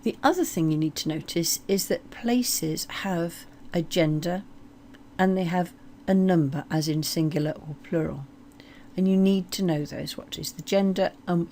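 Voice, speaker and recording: A woman teaching French place names, slowly modeling each word. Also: lowish voice, dark tone, a little hiss or hum. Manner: slow, deliberate modeling of French words. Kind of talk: explanatory language lesson.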